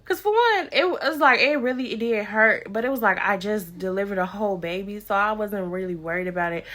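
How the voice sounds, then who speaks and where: A young woman talks to the camera in a relaxed, chatty way. She repeats words and acts out what others said. Her voice sits at an ordinary middle pitch. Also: brisk. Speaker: vlogger. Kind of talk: casual storytelling to camera.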